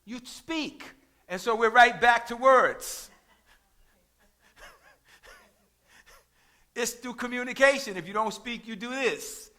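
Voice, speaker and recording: A man delivers a sermon in a high, forceful voice. He works in call-and-response, hammers each point by repeating it, and climbs to shouts when he drives a point home. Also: takes it slowly, pauses often. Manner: rises to shouts at key points. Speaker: preacher.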